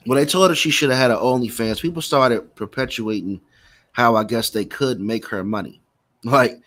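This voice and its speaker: A man's voice: medium pitch, normal speed, a bit bright, no echo. A man co-hosting a podcast, laid-back and joking as he gives his opinions in casual chat. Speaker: podcast co-host.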